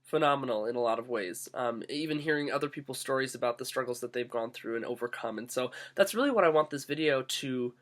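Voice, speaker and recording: A young man with a groggy voice from getting sick, talking earnestly in a casual reflective vlog, often halting and restarting. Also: medium pitch, a bit bright. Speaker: vlogger.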